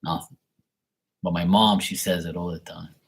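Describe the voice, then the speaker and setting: A man's voice: deep voice, fairly even intonation, moderate pace, vocal fry. A middle-aged man reading tarot on a live stream, telling a rambling family story in casual chat, swearing and mimicking his relatives. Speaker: tarot reader.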